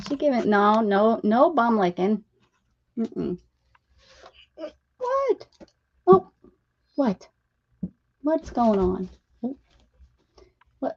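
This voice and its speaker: Chatty woman crafting on a dull stream. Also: fairly high pitch. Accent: American. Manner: chatty, talks baby-talk to her cat. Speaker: craft livestream host. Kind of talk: casual chat while crafting.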